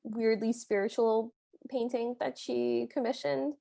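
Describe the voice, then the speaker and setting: Higher-voiced woman podcast co-host. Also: fairly even intonation, unhurried, creaky, dark tone. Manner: chatty, agreeable, lots of affirming interjections. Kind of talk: casual movie recap chat.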